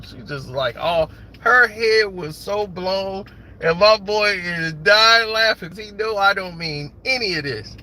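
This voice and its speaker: A man casually telling a funny personal story, animated and acting out what people said. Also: normal speed, slight background noise. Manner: animated, acts out quoted voices in higher pitch.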